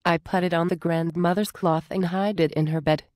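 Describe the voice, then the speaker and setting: A woman reading a story aloud in a plain, steady way, close to a dry home mic. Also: lowish voice, normal speed, dry recording.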